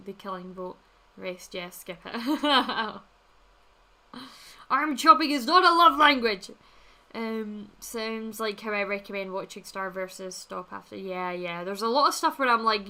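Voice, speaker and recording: Bright-voiced woman streamer. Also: medium pitch. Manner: chatty, blunt, swears freely, laughs often. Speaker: livestream host reading chat. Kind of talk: casual chat.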